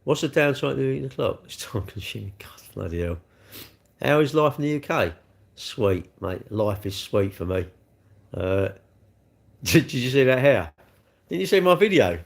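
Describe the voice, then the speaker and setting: A man's voice: mid-range voice, big pitch swings, moderate pace, creaky, long pauses. A middle-aged man hosting a casual livestream, chatting and answering viewer comments with swearing and rhetorical questions. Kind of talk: casual chat.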